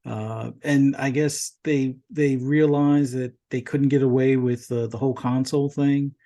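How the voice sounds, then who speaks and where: A man's voice: mid-range voice, fairly even intonation, unhurried, warm tone. A man co-hosting a gaming podcast, talking things through in casual chat and often restarting his sentences. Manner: hesitant, restarts sentences while reasoning. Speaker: podcast co-host.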